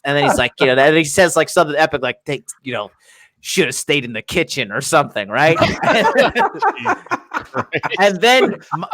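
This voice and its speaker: A man co-hosting a podcast, talking in an excited, swearing way with many restarts. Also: a little high, clean tone, no echo. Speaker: podcast co-host. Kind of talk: casual chat.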